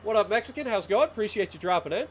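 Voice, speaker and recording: This is a man in his late thirties with a rural southeastern Ohio accent, his voice sitting high as he talks in an animated, rapid-fire way. Slight background noise is present while he chats casually on a gameplay stream, greeting chat, telling rambling stories, and chuckling a lot.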